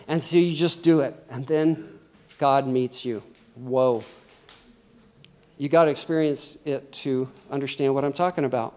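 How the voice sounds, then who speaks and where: A middle-aged man preaching a sermon in a lively, conversational way, often acting out quotes. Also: fairly high pitch, normal speed.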